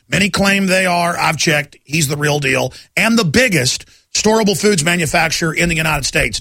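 Gravelly, bright-voiced ranting radio host. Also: male voice, fairly high pitch, no echo. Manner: ranting, emphatic, many restarts. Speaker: radio talk show host. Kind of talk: talk radio monologue. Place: radio studio. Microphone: studio microphone.

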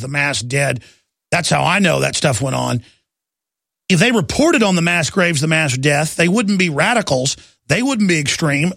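Gravelly, ranting talk radio host. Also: male voice, a little high, fairly bright tone, no echo, studio quality. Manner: gravelly, urgent, ranting delivery. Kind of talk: impassioned political radio monologue.

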